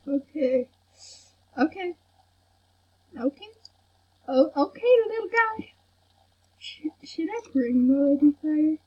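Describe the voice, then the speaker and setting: A young woman giving casual gameplay commentary, excitable and fawning over what she sees, in a soft, breathy voice. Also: high voice. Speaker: gamer. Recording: dull lo-fi home recording.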